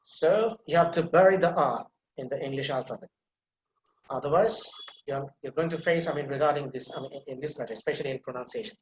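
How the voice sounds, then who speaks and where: A man's voice: medium pitch, fast talker, lo-fi sound, slight background noise. A man teaching a pronunciation class, breaking words into sounds syllable by syllable and repeating them for learners to copy. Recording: echoey room.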